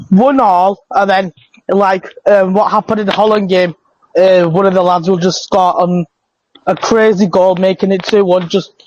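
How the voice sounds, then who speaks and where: A man's voice: high voice, darkish tone. A man on a podcast panel, talking hesitantly with many fillers. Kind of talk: casual chat. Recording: dull lo-fi sound.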